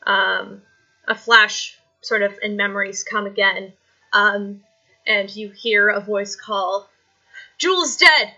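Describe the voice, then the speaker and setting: Bright-voiced woman running a tabletop game. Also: medium pitch, flat delivery, takes it slowly, muffled recording. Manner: rambling descriptive narration, many fillers. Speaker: dungeon master.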